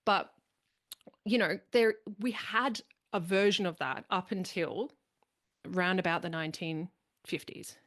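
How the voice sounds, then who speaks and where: A woman's voice: lowish voice, measured pace, fairly bright tone. A woman hosting a podcast in casual conversation, talking animatedly and acting out the people she quotes. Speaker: podcast host.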